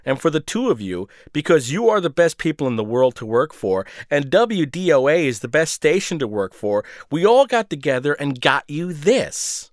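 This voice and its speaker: Man voicing a fawning woman coworker, gushing, ingratiating, lively, dry close sound. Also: fairly high pitch, moderate pace, few pauses, dry recording, pitched above the performer's own voice. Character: fawning middle-aged woman coworker, calculating.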